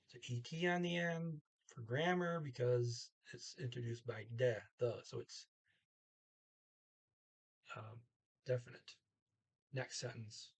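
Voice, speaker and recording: A man tutors a language lesson casually and haltingly, sounding out each foreign word slowly before translating it. He pauses often to think aloud, his mid-range voice steady and slightly rough.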